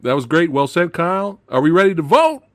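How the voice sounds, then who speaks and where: Lively man hosting a film debate. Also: a little high, brisk, no echo, clean studio sound. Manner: lively, jokey, runs the vote. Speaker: host. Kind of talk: casual panel discussion.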